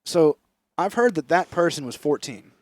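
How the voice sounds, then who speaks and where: A man's voice: a little high, very animated, normal speed, no room sound. A young man co-hosting a podcast in casual, profane comedic chat, often slipping into mocking voices. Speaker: podcast co-host.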